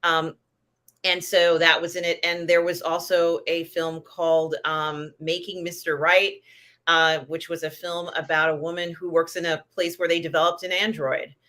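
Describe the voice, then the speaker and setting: Bright-voiced woman hosting a chatty livestream. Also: fairly low pitch, flat delivery, moderate pace. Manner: rambling, many fillers, giggly. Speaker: host. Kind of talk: casual live-stream pop culture chat.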